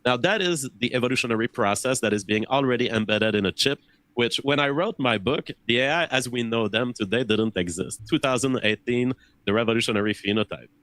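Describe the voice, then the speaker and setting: A man's voice: medium pitch, brisk, a bit bright, no echo, poor audio. A man in a conversation earnestly explaining his ideas, often repeating words as he thinks. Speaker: interview guest.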